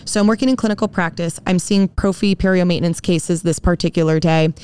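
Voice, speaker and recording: A woman's voice: fairly low pitch, steady tone, quick pace, mellow, smooth. A woman guest on a dental podcast, chatting casually and acting out the people in her stories. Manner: storytelling, acts out quoted dialogue.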